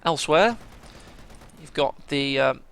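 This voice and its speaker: A man casting a strategy game match, chatty play-by-play that bursts into excitement at big moments. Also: a little high, slow, creaky, clear, resonant tone. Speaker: game caster.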